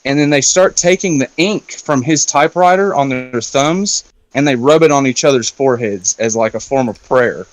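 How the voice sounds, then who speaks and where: A mid-range male guest at a round-table discussion speaks at normal speed with few pauses. In a casual talk, he loosely retells a film's plot, filling it with fillers and swearing.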